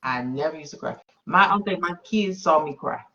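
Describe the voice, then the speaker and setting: A woman hosts a faith-centered conversation, speaking with emphasis and frequent exclamations of agreement. The recording is dull and a little lo-fi, the high end muffled. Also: lively intonation, brisk, pushed and bright. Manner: emphatic, exclaims and affirms often. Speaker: podcast host. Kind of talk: faith-based conversational interview. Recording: dull lo-fi sound.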